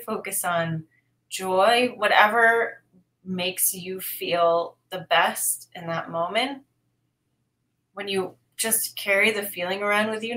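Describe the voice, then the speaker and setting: Bright, upbeat woman co-hosting a livestream. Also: mid-range voice. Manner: upbeat, reads chat aloud, gently coaching. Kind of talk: casual livestream chat.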